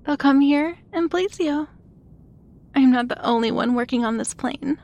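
A woman playing a flight attendant in an adult audio role-play, breathy, giggly and teasing as she fawns over the listener. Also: high-pitched, unhurried, darkish tone.

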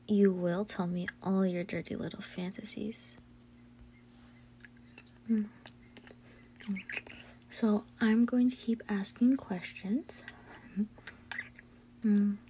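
A woman's voice: mid-range voice, slight background noise, natural voice. A woman playing a teasing girlfriend in whispered role-play. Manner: breathy whispers with soft hums and giggles. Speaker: audio role-play performer.

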